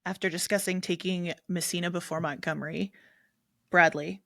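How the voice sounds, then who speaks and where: A woman's voice: lowish voice, steady tone, normal speed, vocal fry, pushed and bright, no echo, clean studio sound. A woman co-hosting a film podcast, reading quotes aloud plainly with little character voice. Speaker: podcast co-host.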